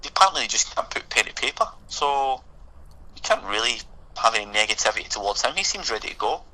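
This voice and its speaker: A man's voice: medium pitch, big pitch swings, quick pace, bright, forceful tone, low-quality recording. A man co-hosting a boxing podcast in casual, sweary, jokey chat. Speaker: podcast co-host.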